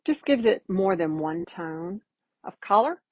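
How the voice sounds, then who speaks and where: A chatty woman with a drawl walks viewers through a live painting demo in a folksy, easygoing way. Her voice sits low and a little husky. The sound is dry and close, with no room around it. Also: lively intonation, a little slow, dry recording, rough recording. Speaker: painting instructor.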